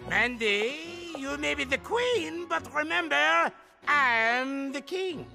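A man's voice: extremely high pitch, animated, slow pace, gravelly, full character voice. A man voicing a pompous, scheming would-be king who talks in a grand, gloating way. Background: cartoon music score.

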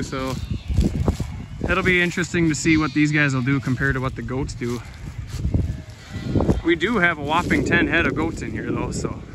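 A man farmer chatting casually while herding his flock outdoors, rambling and talking to his animals. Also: medium pitch. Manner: folksy, rambling, talks to the animals. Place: outdoors on a farm hillside and woods. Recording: outdoor noise with sheep bleating. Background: sheep bleating.

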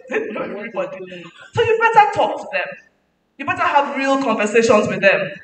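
A woman giving an animated, preachy motivational talk as a guest speaker at a parenting summit. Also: high voice, brisk. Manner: animated, preachy, mixing in laughs. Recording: echoey hall from far off, faint noise.

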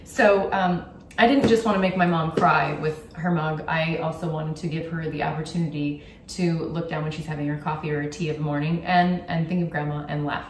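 A woman's voice: low voice, steady tone, a little fast, far from the mic, slight background noise. Young woman YouTuber, chatty gift-guide vlog, echoey room, faint background ambience. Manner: chatty, candid, with frequent ums. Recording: roomy echo, from off the mic.

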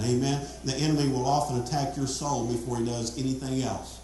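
A man's voice: medium pitch, steady tone, brisk, hardly any pauses, warm tone. A man preaching a sermon as pastor, emphatic and repetitive, calling out to the congregation. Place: church sanctuary. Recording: very echoey church hall.

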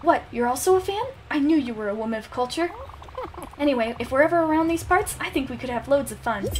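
A woman's voice: sits high, lively intonation, fast, a little hiss or hum. A woman reading as a sweet grandmotherly spirit. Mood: gentle. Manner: soft, coaxing and warm. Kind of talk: reading game dialogue aloud.

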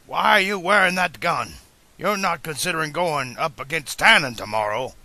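A man's voice: mid-range voice, moderate pace, sharp tone. A man reading an audiobook, voicing an eccentric older male scientist who speaks sternly and urgently. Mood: alarmed.

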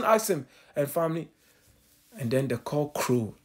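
A man preaching a sermon with a husky, breathy edge to a fairly high voice. He addresses his listeners as family and answers his own rhetorical questions as he goes. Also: expressive, measured pace.

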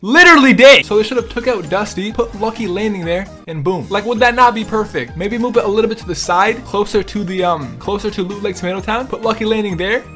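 A man's voice: high-pitched, fast talker, hardly any pauses, pushed and bright, faint music behind. A young man giving casual, joking commentary while he plays a game and talks to other players and viewers. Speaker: gaming streamer.

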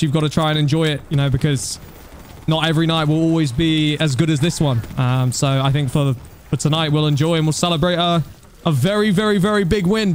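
A young man streaming a game, chatting casually and thanking donors, getting excited at times. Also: fairly high pitch, a little hiss or hum. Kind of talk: casual live-stream chat.

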